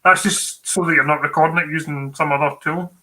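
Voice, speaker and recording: A man's voice: a little high, fairly even intonation, fairly quick, bright, forceful tone, rough recording. A Scottish man co-hosting a tech livestream, giving exam tips in a chatty, informal way with many fillers and restarts.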